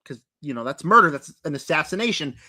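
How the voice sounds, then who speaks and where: A man's voice: on the high side, lively intonation, fast talker, pushed and bright. A young man reviewing horror movies in a casual vlog, talking in a rambling, emphatic way full of fillers, his voice now and then cracking. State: voice cracking, throat-clearing.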